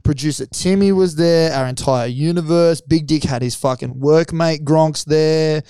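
A man's voice: on the high side, measured pace, clear, resonant tone, no room sound. A man, co-hosting a podcast and telling a story in casual, heavily sweary chat. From Australia. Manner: loud, sweary storytelling with acted quotes. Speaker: podcast co-host.

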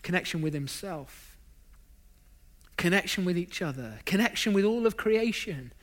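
A man's voice: high voice, expressive, moderate pace. A man preaching a sermon, stacking up emphatic lists of phrases and dropping in self-deprecating asides.

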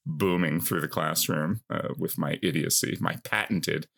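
A man in his fifties, a guest telling a funny story from his youth in a casual, animated, self-mocking way, filling his speech with "like" and "you know". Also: rumbling low, unhurried, gravelly, slightly rough. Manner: animated, self-mocking, heavy use of filler words.

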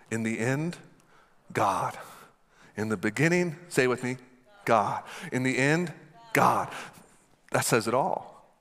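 A man's voice: mid-range voice, fairly bright tone. A man delivering an emphatic sermon as pastor, repeating lines and asking the congregation to answer back. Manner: emphatic, repetitive, call-and-response.

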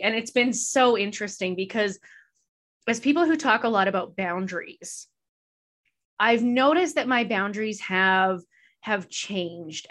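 A woman's voice: medium pitch, fairly bright tone. A woman podcast host answering interview questions in a candid, reflective way, laughing easily. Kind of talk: casual conversational interview.

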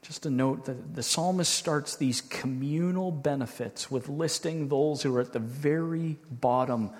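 A man's voice: medium pitch, husky. Earnest male pastor in a reverberant hall. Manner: earnest, reflective, slows down when reading scripture. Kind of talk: sermon.

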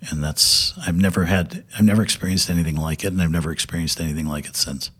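A man's voice: low-pitched, fairly even intonation, fast talker, a bit bright, slightly rough. An older man, a television director, telling stories as a guest in a loose, rambling way with many fillers. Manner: rambling, many fillers and restarts, laughs often. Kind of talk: casual anecdote telling.

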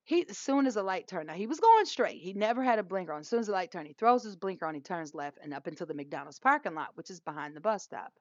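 A woman's voice: on the low side, fast, hardly any pauses, dry recording. A woman in her forties co-hosting a podcast, telling a story with laughter and acting out both sides of the dialogue. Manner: animated, laughs while telling stories, acts out dialogue. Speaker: podcast co-host. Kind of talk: casual storytelling chat. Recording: dull lo-fi dry sound.

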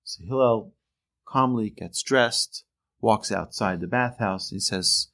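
A man teaching a religious lesson through earnest, animated storytelling. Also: lowish voice, takes it slowly.

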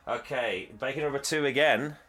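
A man co-hosting a podcast, casually recapping a movie in a rambling, animated way. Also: mid-range voice, normal speed, faint music behind. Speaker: podcast co-host. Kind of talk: casual film recap chat.

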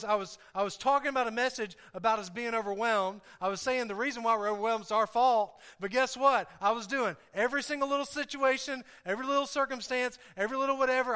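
High, bright-voiced man preaching earnestly. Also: clear, resonant tone. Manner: earnest, repeats phrases for emphasis; confessional, talks straight to the congregation. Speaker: pastor. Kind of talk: sermon.

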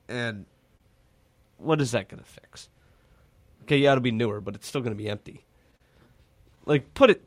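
Radio guy arguing about baseball, mid pitch, dead dry studio. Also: dry recording. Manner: argumentative, quick to push back. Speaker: radio show co-host. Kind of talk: casual sports talk.

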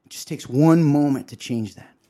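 Sharing a devotional on the show he co-hosts, a man speaks at normal speed in a slightly high, mellow voice. His talk is emotional and sermon-like, with quotes acted out earnestly and frequent "right?"s.

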